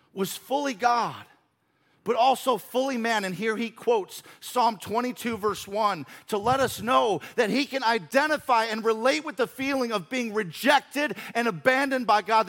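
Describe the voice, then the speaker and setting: Male pastor, high-pitched, earnest and emphatic sermon delivery. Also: a bit bright. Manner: earnest preaching with emphatic repetition.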